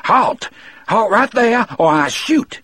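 A man's voice: high-pitched, sing-song, very slow, fairly bright tone, slightly rough, no echo, pitched above the performer's own voice, exaggerated voice. A man doing a reedy, frightened old warden. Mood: yelling. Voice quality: reedy but strong. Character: frightened, suspicious older male warden with a pistol. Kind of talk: audiobook character voice.

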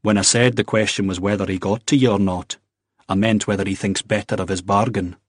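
A man's voice: lowish voice, steady tone, a little fast, no room sound, studio quality, lightly acted. A man doing a stern Scottish man.

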